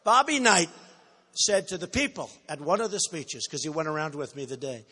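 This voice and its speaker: A man speaking at a political rally in a big indoor hall, his voice pitched high for a man and pushed hard with a bright, forceful edge. He riffs off the cuff, repeats himself and brags, then bursts into shouts to drive a point home. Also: expressive, normal speed, slightly rough. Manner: boastful, repetitive, off-the-cuff. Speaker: political candidate. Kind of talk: campaign rally speech.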